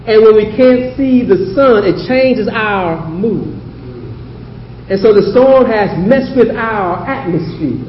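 Male pastor, high voice, emphatic sermon delivery, dull roomy church recording. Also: animated, slow. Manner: emphatic preaching, asks the congregation questions. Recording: echoey hall audio with slight hiss.

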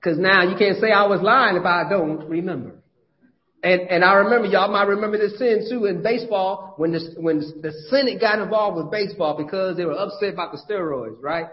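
A man's voice: high voice, fairly quick. A male pastor preaching a sermon in a conversational, folksy way, with frequent restarts. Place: church. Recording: dull lo-fi church audio.

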